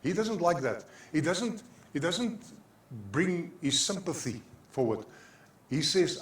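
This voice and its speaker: Older South African pastor, echoey church. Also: male voice, on the high side, lively intonation, unhurried. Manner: impassioned preaching with repeated phrases, mixing in Afrikaans. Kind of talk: sermon. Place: church sanctuary.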